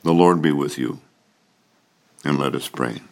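Very deep-voiced pastor leading liturgy. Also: male voice, vocal fry, a little hiss or hum. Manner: formal measured liturgical reading; solemn intoning of prayers and scripture. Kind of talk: liturgical church service.

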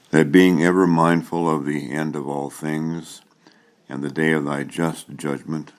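A man serving as pastor, leading a church liturgy with a solemn, measured cadence. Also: very deep voice, a little mellow.

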